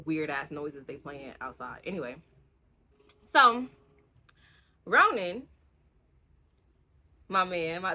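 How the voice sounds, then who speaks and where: A young woman, giving a rambling, casual book review full of swearing and acted-out lines. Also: fairly low pitch. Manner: animated, swearing, acts out the characters' lines in quick bursts. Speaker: book vlogger.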